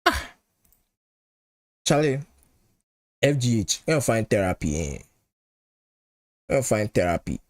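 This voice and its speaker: A man's voice: fairly low pitch, sing-song, slow pace, long pauses. A man with a Nigerian accent hosting a live football watchalong. He chats casually, repeats his phrases and moves between pidgin and English. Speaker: football channel host. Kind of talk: live match watchalong chat.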